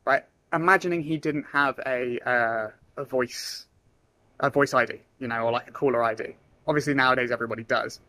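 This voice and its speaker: A man's voice: medium pitch, fairly quick, no room sound. Casual man, dry close sound. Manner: casual, acts out phone calls in lively voices. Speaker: sales trainer. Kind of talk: casual talking-head advice.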